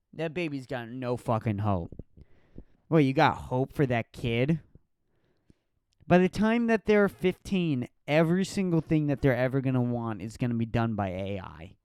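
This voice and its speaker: Young guy ranting on his podcast, swears a ton, pitch bouncing all over, clean dry sound. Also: clean tone, dry recording. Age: 20s. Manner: profane, animated, mocking falsetto impressions. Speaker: podcast host and comedian. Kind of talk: solo comedic rant.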